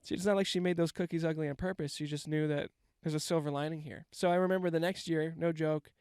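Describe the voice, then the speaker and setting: A man's voice: on the high side, steady tone, quick pace, darkish tone, clean tone, dry recording, clean studio sound. A man, telling a rambling, self-mocking comic story and swearing freely. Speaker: comedian. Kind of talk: casual comedic storytelling monologue.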